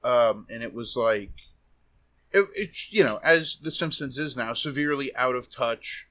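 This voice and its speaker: A man's voice: medium pitch, a little slow, sharp tone. A man co-hosting a podcast, casually telling a funny story with swearing and laughter. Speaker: podcast co-host. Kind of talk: casual chat.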